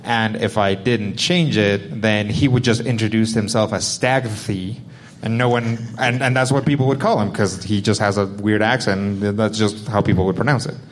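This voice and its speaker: A man's voice: fairly low pitch, fairly even intonation, normal speed, few pauses, a little hiss or hum. A man, the game master of a live-play show, answering fan questions on a convention panel in a rambling, chuckling way, full of fillers.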